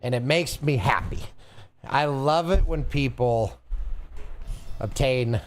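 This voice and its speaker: A young man streaming from home, chatting casually with his viewers in an animated, teasing way and laughing often. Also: medium pitch, slow, faint music behind. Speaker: streamer reading chat. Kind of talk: casual live-stream chat.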